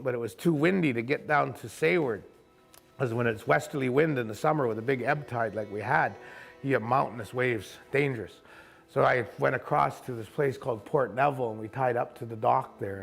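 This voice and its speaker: A man, a kayak camp owner, telling a story in casual, animated fashion and acting out other people's voices. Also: medium pitch, brisk, vocal fry, slightly rough, soft background music. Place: outdoors at a rocky bay.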